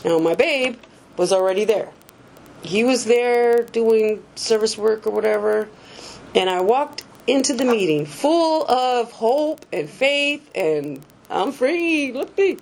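A woman's voice: on the high side, lively intonation, takes it slowly, creaky, darkish tone. A woman giving a personal recovery testimony in a candid, casual, self-mocking way, laughing often and swearing freely. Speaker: speaker sharing a recovery story.

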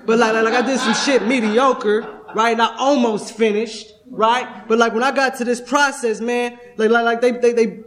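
High-voiced man, streetwise recovery talk. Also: steady tone, normal speed, hardly any pauses, fairly bright tone. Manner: streetwise, profane, peppers with "right?". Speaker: workshop speaker at a recovery convention. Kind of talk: testimony-style workshop talk. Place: convention room.

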